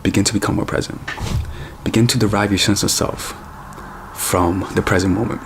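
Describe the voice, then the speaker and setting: A man's voice: on the low side, steady tone, a little fast, creaky. A man coaching women on dating in a casual, direct monologue, speaking informally to his viewers as "ladies.". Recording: noisy background.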